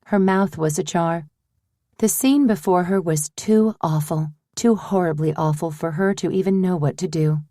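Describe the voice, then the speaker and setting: A woman narrating an audiobook in a measured, even way. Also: on the low side, dry recording, studio quality.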